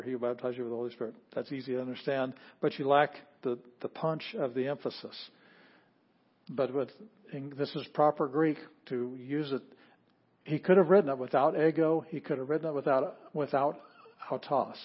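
Male teacher, lesson style, halting readouts, mid pitch, muffled lo-fi audio. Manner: reads Greek word by word, halting. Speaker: Greek teacher. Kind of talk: classroom lesson.

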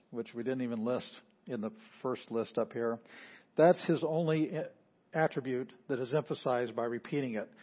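A pastor preaching a sermon, explaining patiently and repeating phrases for emphasis. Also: male voice, medium pitch, slightly rough. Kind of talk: sermon teaching. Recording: slightly dull lo-fi audio.

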